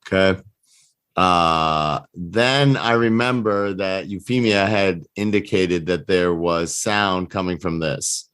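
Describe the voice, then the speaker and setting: Male player, fairly low voice, measured and wry. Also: a bit bright, smooth. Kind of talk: playing a tabletop game.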